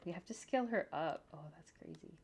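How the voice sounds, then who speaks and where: A woman with a lowish voice narrates her animation work casually as she goes. She thinks aloud, tosses in jokey asides and hums to herself. Faint typing and mouse clicks sit behind her. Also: animated, a little fast, a little hiss or hum. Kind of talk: casual narration while working on screen. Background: faint computer keyboard typing and clicks.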